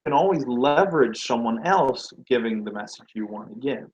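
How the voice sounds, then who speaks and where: A man gives a motivational business talk on branding and sales. He asks his listeners rhetorical questions and acts out how people react, his voice at a middle pitch. The recording is dull and lo-fi. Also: lively intonation, fairly quick, breathy edge. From Nordic.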